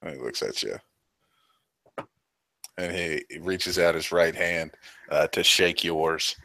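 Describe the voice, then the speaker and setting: Game master, male, deep forceful voice, loose casual narration. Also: slow pace, vocal fry, dry recording. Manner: loose, hedging narration with "kinda" and "like".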